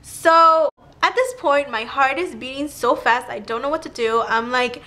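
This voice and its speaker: A young woman vlogger telling a personal story in a casual, animated way, full of "like" and acted-out quotes. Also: high voice, moderate pace. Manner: animated retelling with filler "like", acting out quotes.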